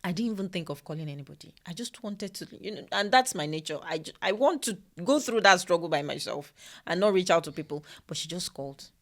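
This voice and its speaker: A woman from Nigeria co-hosting a podcast, speaking in a fairly low voice. She tells a personal story in a relaxed, conversational way, earnest and full of repeated phrases for emphasis. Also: fast talker. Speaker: podcast co-host. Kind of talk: casual chat.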